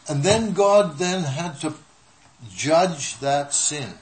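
A man preaching a sermon in short measured phrases, pausing so an interpreter can follow. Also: fairly high pitch. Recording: echoey room with faint noise.

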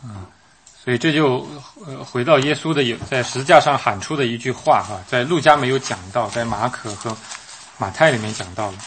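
A man's voice: medium pitch, a little fast, a bit bright, slight background noise. A man interpreting a sermon live, hesitant, with frequent fillers and restarts.

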